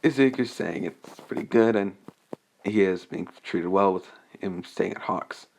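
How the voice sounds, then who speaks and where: Young man, low-ish voice, unscripted fan story recap, hesitant, rambling delivery. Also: measured pace, gravelly, darkish tone, a little hiss or hum. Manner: rambling and hesitant, many restarts and fillers.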